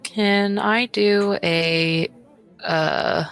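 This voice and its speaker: A woman's voice: mid-range voice, steady tone, very slow, fairly bright tone, smooth. A woman playing a tabletop role-playing game, asking questions in a casual way. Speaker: player.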